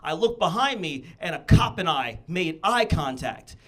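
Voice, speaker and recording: A young man doing stand-up on a theatre stage, his voice sitting high and bouncing all over the place as he tells his stories. He slips into exaggerated voices for the people he quotes. He has a lively, storytelling delivery. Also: normal speed. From US Midwest. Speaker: stand-up comedian. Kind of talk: stand-up comedy set. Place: comedy theatre stage before a live audience.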